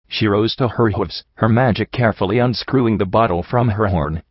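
A man reading a fan fiction story aloud with steady storytelling, on a dull, dry recording. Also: lowish voice, normal speed, few pauses, no room sound. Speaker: audiobook narrator.

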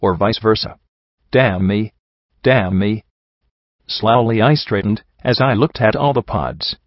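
Low-voiced man narrating a story. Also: lively intonation, a little slow, long pauses, no room sound, lo-fi sound. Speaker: audiobook reader. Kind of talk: first-person story narration.

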